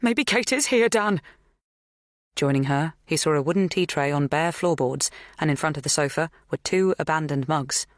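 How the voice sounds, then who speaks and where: An audiobook narrator reading a suspense novel with measured tension. The voice sits in a middle range. The recording is dry and close. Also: medium pitch, steady tone, no echo. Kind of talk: scripted narration.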